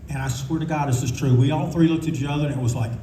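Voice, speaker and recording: A man's voice: medium pitch, steady tone, very fast, mellow, distant mic, a little hiss or hum. An older man telling rambling, candid stories on a convention panel, swearing freely as he goes. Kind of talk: casual anecdotal storytelling. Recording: echoey room recording from afar.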